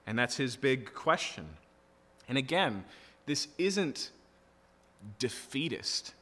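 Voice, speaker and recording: A man's voice: medium pitch, expressive, unhurried, fairly bright tone. A male pastor preaching an expository sermon in an earnest, emphatic teaching manner, checking in often with his listeners. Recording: long reverb of a large hall.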